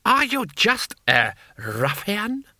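A man's voice: extremely high pitch, expressive, unhurried, sharp tone, no echo, clean studio sound, pitched above the performer's own voice, exaggerated voice. A male narrator voicing a furious warlord who screams orders at his troops. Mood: enraged.

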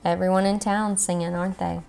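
Mom reading a picture book aloud. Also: female voice, fairly low pitch, a little fast, vocal fry, clean tone. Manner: gentle, expressive, chatting with the child between pages. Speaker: parent reading to her child. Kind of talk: children's story time read-aloud.

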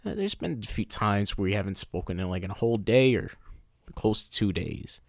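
A man co-hosting a casual podcast, telling a personal story in an animated way and slipping into playful voices. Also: on the low side, a little fast, dry recording, clean studio sound. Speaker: podcast co-host. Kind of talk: casual chat.

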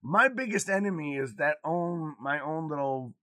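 A man's voice: a little high, expressive, normal speed, pushed and bright, dry recording, studio quality. Frank, swearing man in his forties. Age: 40s. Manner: frank and confessional, swears freely. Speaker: podcast co-host. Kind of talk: casual podcast chat.

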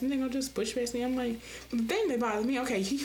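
Sassy, high-voiced woman rambling on her podcast. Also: fast, slight background noise. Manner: animated, sassy, jumps into mimicked voices. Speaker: podcast host. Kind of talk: casual rambling monologue.

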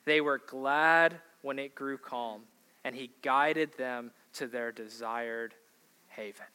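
Brief: man, pastor, conversational sermon, slow and bright. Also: mid-range voice, clear, resonant tone. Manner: conversational preaching, asks the congregation questions.

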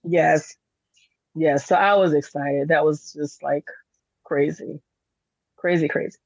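A woman who runs a candle business, a guest on a casual podcast, telling her story in an animated, chatty way with many fillers. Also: low-pitched, slow pace, vocal fry, breathy edge, no echo. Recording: dull lo-fi dry sound.

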